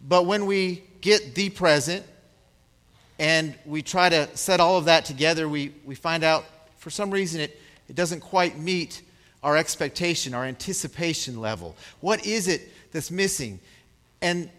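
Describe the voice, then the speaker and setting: A man's voice: on the high side, in a large hall. A man preaching a sermon, chatting with the congregation and acting out scenes as he talks. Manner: conversational, checks in with the congregation; acts out scenes with big swings in loudness. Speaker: pastor.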